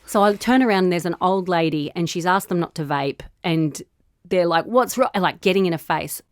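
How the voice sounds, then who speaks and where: A woman in her forties with an Australian accent, a comedian chatting casually and telling an animated story with frequent laughs. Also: on the low side, moderate pace, no room sound, studio quality. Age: 40s. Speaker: comedian guest. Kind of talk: casual podcast chat.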